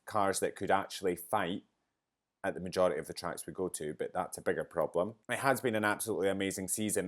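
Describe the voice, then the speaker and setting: A man hosting a motorsport podcast, hungover and emotional, talking in an effusive, chatty way. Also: fairly low pitch. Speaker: podcast host. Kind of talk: casual podcast commentary.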